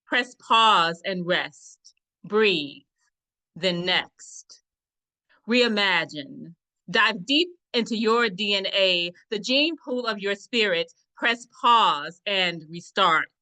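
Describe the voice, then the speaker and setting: A woman poet reading her spoken-word poem in a slow, deliberate, meditative way. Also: medium pitch, animated, pushed and bright, low-quality recording.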